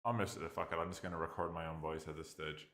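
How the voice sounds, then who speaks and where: An Irish man with a very deep voice mutters his way through a software walkthrough. He talks hesitantly, thinking aloud with frequent fillers and restarts. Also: monotone, fast, roomy sound. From Ireland. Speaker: tech reviewer. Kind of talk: casual screen-recorded software walkthrough.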